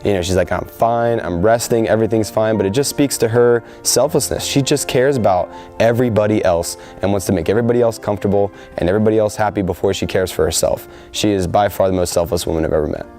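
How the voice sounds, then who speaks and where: Fast-talking deep-voiced young man. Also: dark tone, faint music behind. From United States. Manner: earnest, heartfelt, with frequent fillers. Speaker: soldier interviewed before deployment. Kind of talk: sit-down interview.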